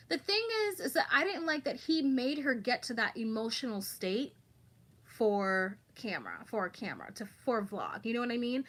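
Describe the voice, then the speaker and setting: A woman's voice: high voice, bright, forceful tone. A woman hosting a casual livestream, chatting about online drama and reading viewer comments aloud.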